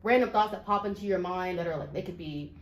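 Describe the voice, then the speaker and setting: A woman co-hosting a podcast, talking in an earnest, expressive way and laughing easily. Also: lowish voice, fast, echoey room, poor audio. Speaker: podcast co-host. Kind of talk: casual chat.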